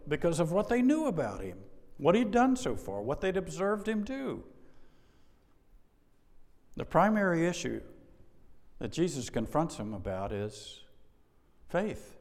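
A man's voice: a little high, huge pitch swings, unhurried, pauses often, darkish tone. A man preaching a sermon with emphasis, putting rhetorical questions to his congregation and asking for an "amen". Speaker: pastor. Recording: long hall reverb.

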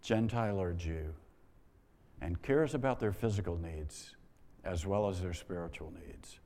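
A man's voice: sits low, unhurried, warm tone. A man preaching a sermon, with wry rhetorical questions and exasperated asides. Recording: long reverb of a large hall.

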